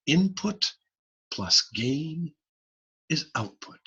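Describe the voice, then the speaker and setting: Guy teaching a class over a video call, bright husky voice, swings up and down a lot, kinda muffled audio. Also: on the high side, a little slow. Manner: lively, informal, blunt asides. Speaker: audiology lecturer. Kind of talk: online lecture. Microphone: computer mic on a video call.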